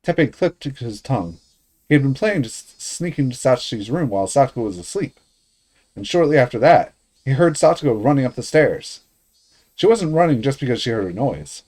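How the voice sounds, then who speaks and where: A man's voice: mid-range voice, brisk. A man streaming, reading a visual novel aloud and dropping casual comments between passages. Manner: lively reading with casual asides.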